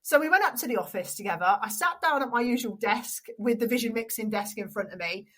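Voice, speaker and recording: A young adult woman with an English accent, a stadium announcer and radio presenter telling an animated story in an interview. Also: on the high side, fairly quick, poor audio. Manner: animated storyteller, acts out quoted voices.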